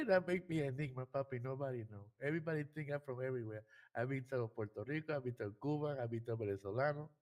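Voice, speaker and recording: A man's voice: mid-range voice, quick pace, darkish tone. A man in playful in-character roleplay banter, laughing often, with loose broken grammar and constant 'papi'.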